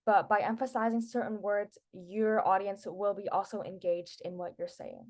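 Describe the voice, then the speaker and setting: A woman's voice: medium pitch, normal speed, darkish tone. A teenage girl presenting public speaking tips to a class in a casual, chatty way, with lots of filler words. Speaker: student presenter.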